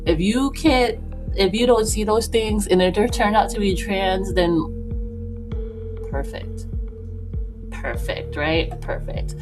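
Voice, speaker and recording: A woman's voice: mid-range voice, unhurried. A young woman vlogging casually while getting ready, rambling with lots of fillers and little laughs. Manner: rambling, filler-heavy, many "like"s; laughs between thoughts. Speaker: beauty vlogger. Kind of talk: casual get-ready-with-me chat. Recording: music playing clearly behind voice.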